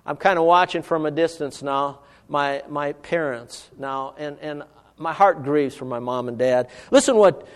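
Middle-aged male pastor, earnest sermon delivery, slightly high voice, long reverb of a hall. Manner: earnest, rises in pitch and slows for emphasis when reading scripture.

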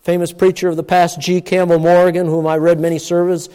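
A man preaching a sermon with emphatic delivery, moving between loud, stressed words and hushed asides. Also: high voice, little pitch movement, fairly quick, clear, resonant tone. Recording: long church-hall reverb.

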